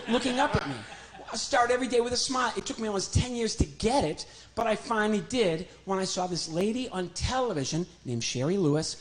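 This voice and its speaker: A man's voice: high-pitched, rough recording. A man doing stand-up comedy with a puppet, joking about himself and chatting to the crowd. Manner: jokey, self-deprecating, talks to crowd. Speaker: comedian and ventriloquist. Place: home, performing to a virtual audience.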